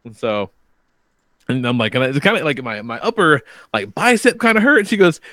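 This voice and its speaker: Man, thirties, podcast co-host, profane storyteller, acts out dialogue, lively pitch, mid-range voice, dry close sound. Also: moderate pace, dry recording. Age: 30s. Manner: profane, animated storyteller acting out both sides of conversations. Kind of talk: casual chat, storytelling.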